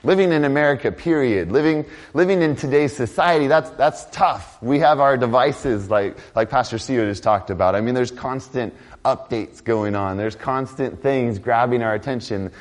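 A man preaching a conversational sermon as pastor, swinging between loud emphatic lines and quiet, low asides. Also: moderate pace, hardly any pauses.

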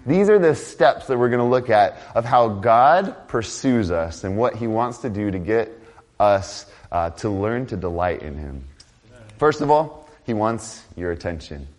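Animated man preaching a sermon. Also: fairly low pitch, measured pace. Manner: animated, conversational preaching with swings from loud to quiet. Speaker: pastor.

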